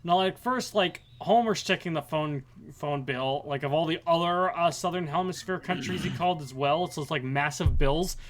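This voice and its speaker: A man's voice: a little high, normal speed, few pauses, slight background noise. A young man co-hosting a casual gaming chat, telling long rambling stories full of "like" and restarts. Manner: rambling, many fillers and restarts. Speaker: podcast co-host.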